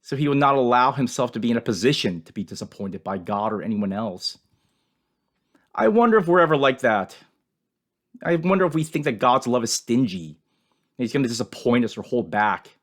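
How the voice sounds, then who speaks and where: A man giving an earnest, measured scripture commentary as a Bible teacher, in short emphatic phrases. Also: medium pitch.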